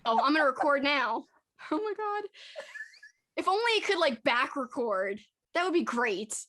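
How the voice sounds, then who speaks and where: Giggly high-voiced woman host. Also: big pitch swings, moderate pace, a bit bright. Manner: giggly, laughs constantly, apologetic. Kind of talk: casual chat.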